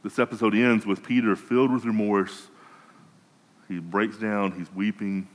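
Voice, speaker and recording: A man's voice: on the low side, flat delivery, a little slow, long reverb tail, rough recording. A man preaching a sermon in a conversational way, often restarting and repeating words. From United States.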